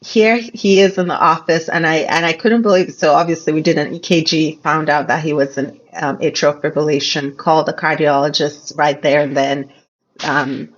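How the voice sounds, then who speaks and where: A woman's voice: deep voice, lo-fi sound. A woman physician, a podcast guest, explaining cases in earnest, casual conversation.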